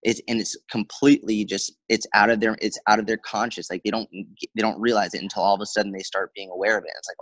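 Speaking in a lowish voice with no room sound on a low-quality recording, a fitness coach tells stories during a casual interview. He's quick and animated, leaning on fillers and quoted dialogue.

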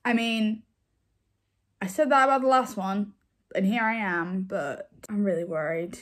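A woman's voice: medium pitch, measured pace. A woman vlogger chatting casually to camera, ranting in a blunt, exasperated way. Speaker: book vlogger. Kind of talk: casual vlog chat.

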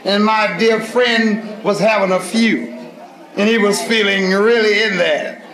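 A man's voice: sits high, fairly even intonation, a little slow, fairly bright tone. A man telling live stand-up stories, animatedly acting out both sides of each exchange. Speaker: stand-up comedian. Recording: echoey live club recording.

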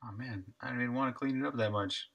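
A man's voice: mid-range voice, fast talker, creaky, a bit bright, dull audio. A young man who makes indie games, chatting casually with his viewers while he works. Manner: chatty, answers chat questions while working. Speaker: indie game developer and streamer. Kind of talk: casual live-stream chat with viewers.

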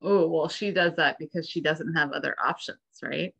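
Bright-voiced woman leading a seminar. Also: low voice, moderate pace, vocal fry, breathy edge. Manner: encouraging, affirming. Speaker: instructor leading class discussion. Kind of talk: seminar discussion.

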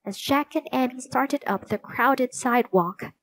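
A woman reading a children's storybook aloud in slow, clear narration. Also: high voice. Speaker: storybook reader.

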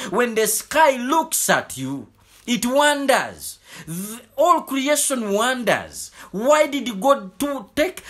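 A man delivers a fervent sermon in a high, bright voice. He preaches at an unhurried pace, circling back to the same phrases again and again. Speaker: pastor.

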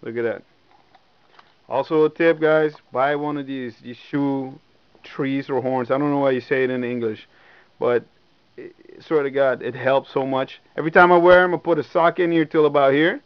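A young man reviewing sneakers in a casual, excited vlog, swearing often and repeating himself, recorded at home. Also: mid-range voice, moderate pace, smooth, dry recording, highs cut off. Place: indoors at home.

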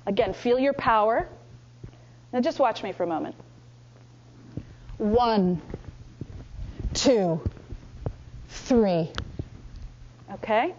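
A woman leading a speaking workshop, coaching the room with energetic instructions and playful demonstrations. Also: fairly high pitch, moderate pace, long pauses, a little hiss or hum. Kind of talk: lively teaching workshop. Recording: dull lo-fi room recording.

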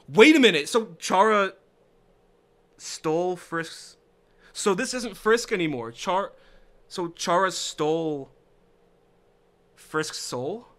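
Give me a young streamer, high-voiced and lively, swearing and laughing as he plays. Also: slow pace, pauses often. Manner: reactive, swearing, laughs often. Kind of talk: let's play commentary.

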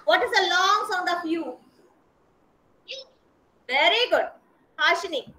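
High, bright kindergarten teacher. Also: female voice, expressive, slow pace. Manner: patient, repeats and spells out sounds for small children. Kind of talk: online class teaching. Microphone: video call. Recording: roomy echo.

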